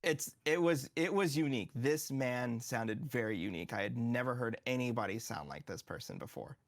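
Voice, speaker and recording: A man speaks as a guest in a studio interview, his voice full of gravelly fry. He explains things eagerly and acts out the lines that players say. His pitch sits in a middle range. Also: animated, normal speed. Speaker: game developer guest.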